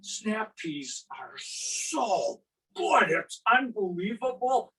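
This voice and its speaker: Older male gardening presenter, high voice, exuberant storyteller, a bit off-mic. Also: extremely slow, recorded from a distance, rough recording. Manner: exuberant, animated storyteller with big vocal sound effects. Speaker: gardening speaker.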